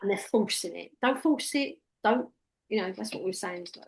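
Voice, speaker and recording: A woman coaching a trainee one-to-one. Her voice sits at a middle pitch, and she talks direct and practical, dropping into a softer, soothing tone when she quotes what she tells clients. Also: expressive, moderate pace, vocal fry, husky. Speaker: hypnotherapy trainer. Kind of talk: casual one-to-one teaching.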